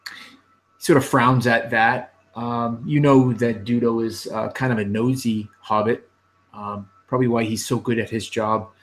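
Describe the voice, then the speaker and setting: A man narrating a tabletop fantasy game as game master, unhurried and full of fillers. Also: mid-range voice, fairly even intonation, poor audio.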